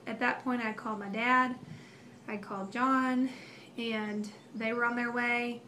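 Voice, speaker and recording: Emotional mother telling a story, slightly high. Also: fairly even intonation, unhurried, bright, forceful tone, a little hiss or hum. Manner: emotional, rambling with many fillers. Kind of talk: casual storytelling.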